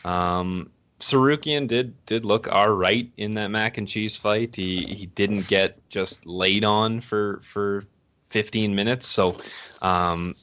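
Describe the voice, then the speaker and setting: Man, deep voice, casual co-host, dull recording. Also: slow pace. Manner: relaxed, rambling, restarts often. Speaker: podcast co-host. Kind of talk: casual betting chat. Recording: dull lo-fi audio.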